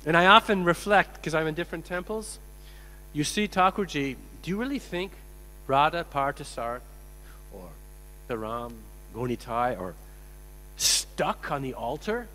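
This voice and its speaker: A man giving a sermon as a swami, telling stories in an animated way and acting out the quotes. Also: a little high, unhurried. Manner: animated, acts out quotes, laughs. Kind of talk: sermon with storytelling. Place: temple hall. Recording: echoey hall with mains hum.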